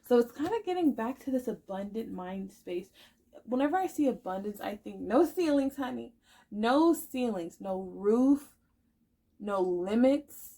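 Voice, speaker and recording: A woman's voice: medium pitch, warm tone. Woman tarot reader, casual and chatty, emotional and encouraging, emphatic delivery. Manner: chatty, emphatic, full of "like" and "y'all". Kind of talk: casual pick-a-card tarot reading.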